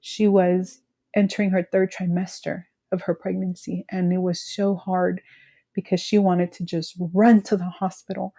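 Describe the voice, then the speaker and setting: A woman in her thirties from California, speaking haltingly about her grief as a guest, full of "you know" fillers. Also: on the low side, flat delivery, gravelly, mellow. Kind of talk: emotional personal conversation.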